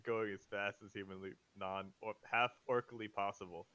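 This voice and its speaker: A man's voice: on the low side, fairly even intonation, normal speed, bright, forceful tone, clear, resonant tone, dull audio. A man playing a tabletop game, laid-back and swearing casually. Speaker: player. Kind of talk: casual tabletop play chat.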